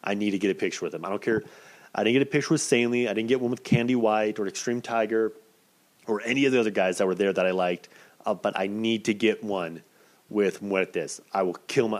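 A man in his thirties telling a story casually, swearing a lot and jumping up and down in pitch. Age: 30s. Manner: profane, animated, quick swings in pitch. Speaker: wrestling cameraman telling a story.

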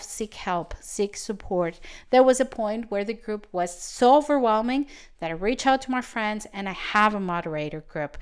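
A woman's voice: mid-range voice, clean tone. A woman hosting a podcast as a business coach, giving advice in a chatty storytelling manner. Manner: chatty, storytelling, restarts and fillers. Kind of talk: casual podcast monologue.

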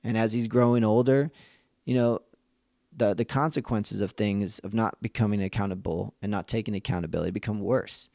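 A man's voice: fairly low pitch, steady tone, fairly quick, gravelly, warm tone, no echo, studio quality. A man hosting a podcast for dads, talking in an earnest, reflective way, often restarting his sentences and acting out the voices of people he quotes. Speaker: podcast host. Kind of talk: casual reflective monologue.

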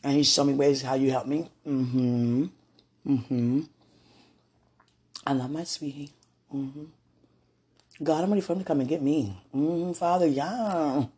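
A husky, breathy woman speaking in a loose spoken monologue, addressed to a loved one and to God. She drifts between hushed, prayerful musing and giggling excitement. Her speech comes in fits and starts. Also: a bass voice, a little slow, long pauses. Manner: laughs often, talks in fits and starts.

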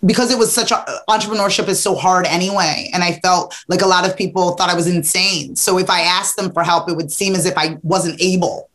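Animated woman telling stories. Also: fairly low pitch, brisk, few pauses. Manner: animated, emphatic storytelling with acted-out quotes. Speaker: podcast guest, entrepreneur. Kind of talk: casual interview storytelling.

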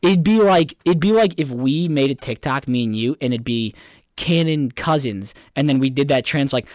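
A man's voice: medium pitch, lively intonation, normal speed, a little mellow, dry recording, studio quality. A young man co-hosting a podcast in casual chat, rambling and swearing, getting worked up as he rants. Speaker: podcast co-host.

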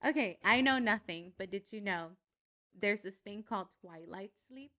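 A woman's voice: mid-range voice, normal speed, pushed and bright. Giggly chatty woman podcast co-host. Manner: giggly, chatty, explains things loosely. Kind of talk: casual chat.

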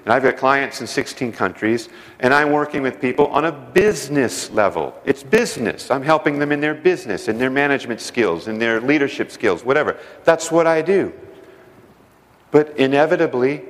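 A man preaching a sermon, telling personal stories earnestly, going from loud emphasis down to a hushed voice. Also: medium pitch, animated, moderate pace, in a large hall. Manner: earnest storytelling, swings from loud emphasis to hushed near-whisper. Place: church service hall.

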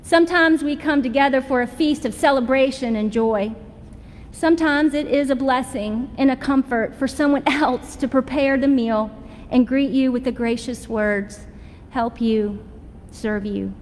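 A woman's voice: high voice, normal speed, long reverb tail, slight background noise. A middle-aged woman pastor with a Southern American accent, preaching a sermon in a folksy, humorous storytelling way. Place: church sanctuary.

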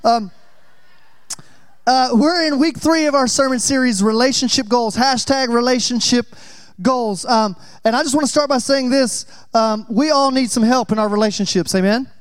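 A man's voice: extremely high pitch, normal speed, clear, resonant tone, no room sound. A young adult man preaching a sermon, chatty and joking as he tells stories. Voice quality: chatty, joking, animated storyteller. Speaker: pastor.

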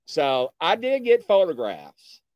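A man tells a story in a casual chat with a voice on the higher side, and his pitch swings widely as he acts out what each person said. He keeps checking in with his listeners with a quick "okay?". The sound is dry and close. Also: huge pitch swings, darkish tone, dry recording.

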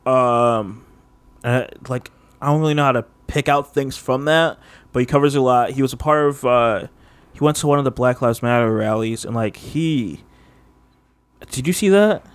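A man's voice: mid-range voice, moderate pace, clear, resonant tone, dry recording. Rambling casual man, dry sound. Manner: rambling, heavy use of "like", laughs often. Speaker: podcast co-host. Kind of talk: casual chat.

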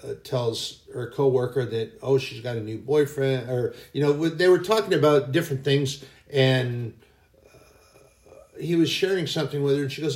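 A man's voice: mid-range voice, moderate pace, a little mellow, roomy sound. A man hosting a casual faith podcast, telling anecdotes in a rambling way that often corrects itself. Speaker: podcast host.

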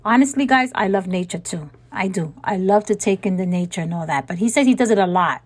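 A woman hosting a podcast, telling stories in a chatty, animated way and acting out conversations with exasperated emphasis and frequent laughter. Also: medium pitch, fast. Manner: laughs often while talking. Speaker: podcast host. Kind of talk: casual storytelling chat.

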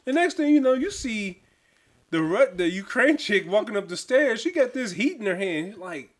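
Podcast host, man, slightly high voice, lively and chatty. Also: normal speed. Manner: animated, laughs often, stumbles over names. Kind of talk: casual film review chat.

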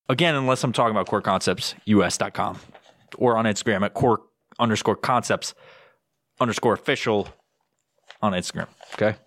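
A man's voice: medium pitch, a bit bright, no echo, studio quality. A man hosting his own podcast, rambling through sponsor plugs in a crude, swear-heavy casual monologue. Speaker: podcast host.

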